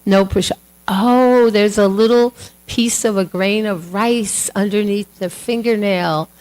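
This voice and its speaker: A woman doing an excited wandering male sage. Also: mid-range voice, a little slow, natural voice, low-quality recording. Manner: apologetic and excited. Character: joyful wandering male sage, absent-minded.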